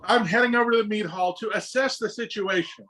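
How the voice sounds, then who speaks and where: A man's voice: high voice, fairly quick, pushed and bright, slight background noise. A man playing a tabletop game, joking in a wry, scheming way. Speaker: player.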